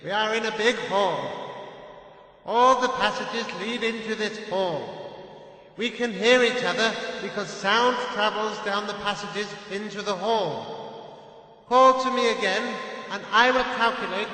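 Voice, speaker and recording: Uncle Lidenbrock, a man doing a high excited old professor. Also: unhurried, heavy reverb, long reverb tail, rough recording. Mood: urgent. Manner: eager and exclaiming, raised voice. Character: excitable older male scientist uncle.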